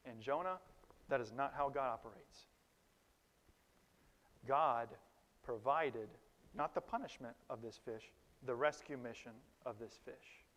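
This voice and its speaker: A man preaching a sermon in a conversational, animated way, with sudden loud emphases and quiet asides to the congregation. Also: mid-range voice, measured pace, pauses often. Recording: long reverb of a large hall.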